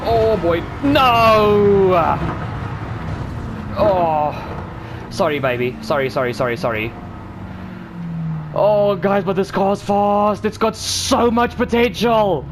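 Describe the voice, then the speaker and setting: A man giving excited commentary while he drives laps in a racing game, exclaiming and repeating himself. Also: sits high, measured pace, noisy background. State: talking while driving laps.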